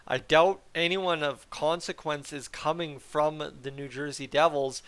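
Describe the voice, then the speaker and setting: A male host of a hockey video channel, talking in a loose, rambling way and poking fun at himself. His voice sits a little high for a man, with a smooth, resonant tone. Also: a little slow. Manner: rambling, animated, self-deprecating. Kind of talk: casual hockey commentary.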